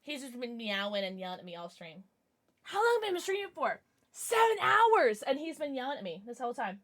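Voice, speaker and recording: A bubbly, excitable woman chatting casually to her livestream audience while she plays. Her voice sits high and leaps around constantly, and she giggles often between lines. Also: a little fast. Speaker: game streamer.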